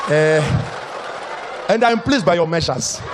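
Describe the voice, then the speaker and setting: A man with a South African accent voicing a pompous, long-winded male politician who talks in slow, bureaucratic phrases. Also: a little high, animated, a loud crowd, very noisy. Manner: slow, ponderous, bureaucratic speech. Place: comedy stage before a live audience.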